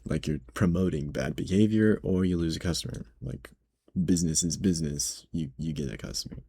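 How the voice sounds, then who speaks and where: A man's voice: deep voice, fairly quick, gravelly, warm tone, breathy edge, no room sound. A young man working as a grocery cashier, retelling a bad customer story in a casual, slangy, exasperated way.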